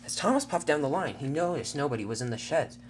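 A narrator telling a homemade toy-train story with lively delivery. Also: medium pitch, quick pace, a little hiss or hum. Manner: animated storytelling.

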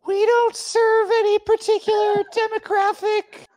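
A woman's voice: very high-pitched, level tone, measured pace, darkish tone. A woman chatting playfully as a player in a tabletop game. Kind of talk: casual tabletop game chat.

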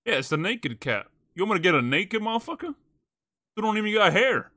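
A man's voice: sits high, big pitch swings, brisk, sharp tone, no room sound, studio quality. A man streaming, reacting to clips with profane, incredulous commentary to his chat.

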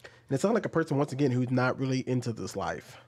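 Male reaction-video commentator, mid-pitched, combative, ranty. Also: lively intonation, fast, a little mellow. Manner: argumentative, rising into heated ranting.

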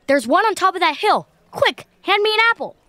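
A wisecracking kid adventurer who boasts and grumbles, played by a woman in a family audio adventure. The voice sits high and leaps about in pitch. The recording is dry and close. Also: sing-song, fairly quick, bright, forceful tone, no room sound, full character voice. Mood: playful. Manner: wisecracking, impatient. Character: Max, cheeky sporty kid adventurer. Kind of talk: children's audio drama.

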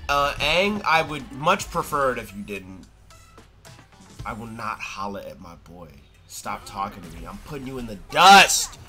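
A young man streaming a fighting game, commenting live with excitable yelps and trash talk. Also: medium pitch, unhurried, soft background music.

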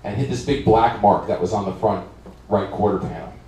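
A man's voice: on the low side, a little fast, warm tone. A male musician telling a wry, rambling story on stage between songs at a concert. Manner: wry, rambling anecdotal delivery. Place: concert venue. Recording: echoey hall from far off.

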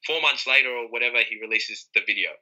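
Talking quickly over poor audio, a young rapper describes his reaction during a relaxed interview. He re-enacts his own surprised outbursts with lively energy and sudden high-pitched exclamations.

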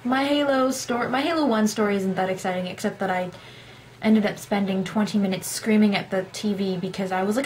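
A woman's voice: mid-range voice, fairly quick, darkish tone. A young woman tells a gaming story in a loose, rambling, self-deprecating way. She slips into her own past lines as she talks. Her voice sits in the middle range, and there is a faint hiss under the recording. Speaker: gaming vlogger. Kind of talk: casual storytelling monologue.

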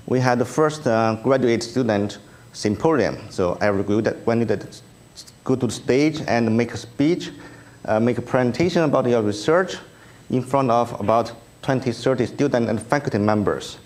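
In a conference room, a native Chinese speaker with a Chinese accent gives a slide talk at an engineering research review. His mid-range voice is a little mellow, and he hesitates often with ums and uhs while joking lightly at his own expense.

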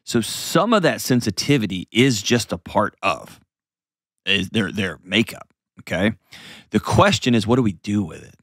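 A man's voice: lowish voice, animated, normal speed, a bit bright, no echo, studio quality. A man hosting an advice show, explaining parenting earnestly and acting out little scenes in changed voices.

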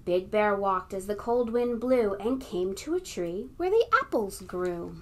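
A librarian reading a picture book aloud to young children and leading them in a game. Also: female voice, mid-range voice, expressive, a little slow, slight background noise. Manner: warm, encouraging, talks to young kids.

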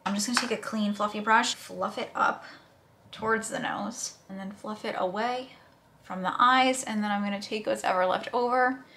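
A woman's voice: medium pitch, sharp tone. A woman vlogger talking casually through her makeup routine, chatty and self-deprecating as she narrates each step. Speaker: beauty vlogger. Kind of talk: casual makeup tutorial chat.

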